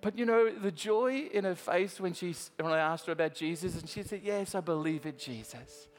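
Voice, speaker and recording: Preaching in a church, this Australian man has a high voice with fairly even intonation and talks a little fast. His storytelling is conversational and full of restarts as he speaks straight to the people in the pews, while the room sounds large and soft music plays behind him.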